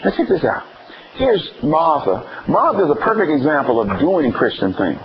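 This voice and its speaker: Animated Southern preacher, lively pitch. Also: male voice, moderate pace, dull audio, a little hiss or hum. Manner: playful, animated, call-and-response preaching. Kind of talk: sermon.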